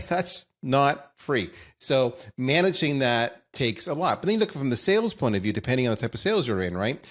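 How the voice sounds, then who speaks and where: A man hosting a live webinar, talking conversationally, restarting his sentences often and steering the talk between guests. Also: mid-range voice. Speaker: webinar host.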